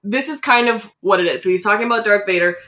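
A woman's voice: mid-range voice, quick pace, pushed and bright, a little hiss or hum. A woman hosting a podcast in casual chat, chatty and laughing, with many fillers. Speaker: podcast host.

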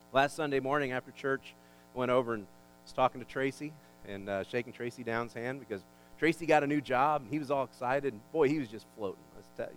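Male pastor, sermon delivery, emphatic swells and homey humor; faint mains hum on the track. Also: rough recording. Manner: animated, rising in pitch and volume for emphasis, folksy asides and jokes.

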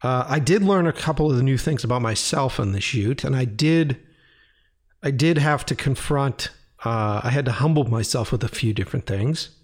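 A man talking casually and animatedly about video editing, swearing freely and acting out his own excited reactions. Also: medium pitch, normal speed. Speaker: video editor and director. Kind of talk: casual rambling monologue.

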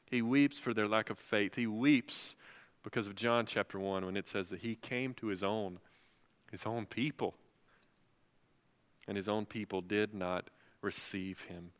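A male pastor preaching a sermon, swelling to loud, passionate peaks. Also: on the low side, unhurried, long pauses. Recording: long hall reverb.

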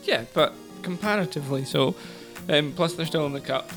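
A man's voice: a little high, normal speed, over music. A Scottish man co-hosting a casual football podcast, chatty and self-deprecating, laughing often. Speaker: podcast co-host.

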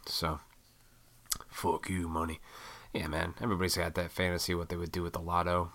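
A man's voice: sits low, little pitch movement, fairly quick, bright, forceful tone. A man in his thirties ranting casually, rambling and swearing a lot as he gives his opinions. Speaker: vlogger. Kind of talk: casual rant.

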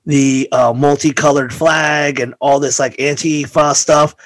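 Casting: man with a slightly high voice, dry close mic, swearing as he tells tour stories in loose podcast chat. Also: unhurried, dry recording. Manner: animated, profane, acts out quoted voices. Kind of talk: casual storytelling chat.

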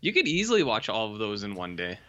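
A tired man co-hosting a casual podcast, his voice bright and lively, swinging up and down as he tells stories. The sound is dull and lo-fi. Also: on the low side, quick pace. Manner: animated, tells anecdotes with quoted voices. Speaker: podcast co-host. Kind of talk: casual chat.

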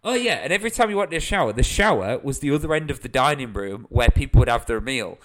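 A man's voice: medium pitch, big pitch swings, fast talker. A young British man, a comedian, telling a funny anecdote in casual chat, laughing as he goes. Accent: British English. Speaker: comedian guest.

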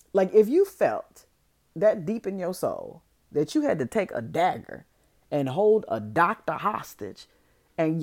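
Animated woman recapping a movie. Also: low voice. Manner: animated, slangy and comedic, voicing characters in asides. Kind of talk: casual movie recap with acted quotes.

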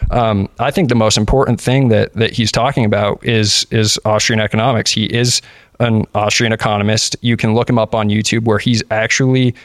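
A man's voice: fairly low pitch, fairly even intonation, brisk, no echo. A man who is a guest on a podcast, talking earnestly about politics in casual discussion, often restarting his sentences. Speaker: podcast guest, libertarian activist.

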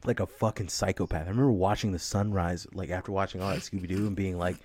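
A man hosting a podcast in casual chat, animated, swearing often and laughing a lot. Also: low voice, fast, slight background noise. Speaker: podcast host.

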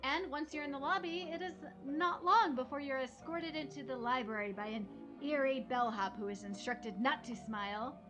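A woman with a high voice hosting a casual conversation. She is upbeat and steers the talk with friendly tips. Clear music plays behind her. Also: normal speed, few pauses, lo-fi sound. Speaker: podcast host. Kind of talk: casual chat with guided narration.

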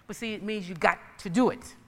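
A woman's voice: mid-range voice, fairly quick, long reverb tail. A woman preacher giving a sermon with personal testimony, emphatic and folksy in her storytelling.

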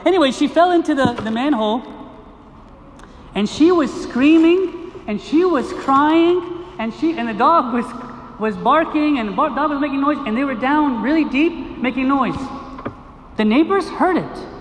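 A man with a very high voice preaches a sermon, drawing in his listeners with questions and repeated phrases. He is recorded in an echoey gym with a long reverb tail. Faint noise sits underneath. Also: a little fast. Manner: animated preaching with rhetorical questions and repetition. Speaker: priest. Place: gym used for a liturgy.

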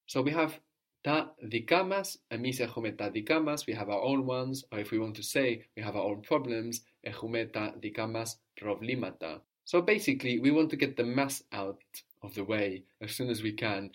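A man teaching a one-on-one language lesson, patiently prompting his student and slowly repeating the answers. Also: lowish voice.

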